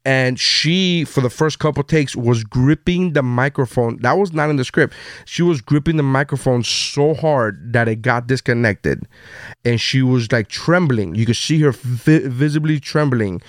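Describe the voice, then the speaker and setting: Male podcast host, chatty storyteller, smooth clear voice, dry close sound. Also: medium pitch, a little slow, dry recording. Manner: chatty storyteller, many fillers. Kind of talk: casual chat.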